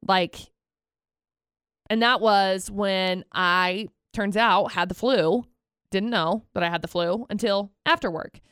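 A young woman co-hosting a radio show, telling stories in an expressive, chatty way. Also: mid-range voice, takes it slowly, clean tone, dry recording, studio quality. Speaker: radio co-host. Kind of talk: casual radio banter.

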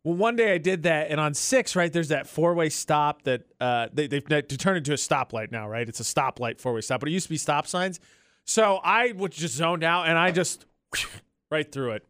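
Man radio host, lively storyteller. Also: a little high, brisk, no room sound, clean studio sound. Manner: storytelling, laughs often, animated. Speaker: radio morning show host. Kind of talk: casual radio banter. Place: radio studio. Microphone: studio microphone.

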